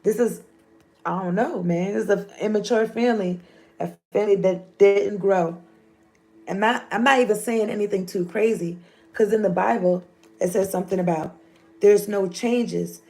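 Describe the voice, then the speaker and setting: A woman's voice: medium pitch, moderate pace, warm tone, soft background music. A woman, giving a loose, joking, profane tarot reading. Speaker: tarot reader.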